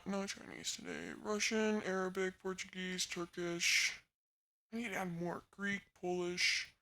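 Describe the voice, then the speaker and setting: A woman with a lowish, fairly bright voice chats casually with her live stream viewers from her bedroom at home. She's giggly and talkative, laughing often as she responds to chat.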